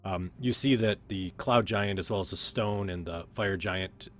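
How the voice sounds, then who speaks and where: A man narrating as game master of a tabletop game, relaxed and rambling with many fillers. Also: sits low, moderate pace, a little hiss or hum.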